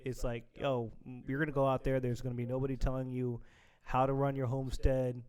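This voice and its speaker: A man's voice: medium pitch, fairly quick, smooth. A man talking as a guest on a casual podcast, laughing often and acting out dramatic scenes as he speaks. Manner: animated, laughs often, acts out dramatic scenarios.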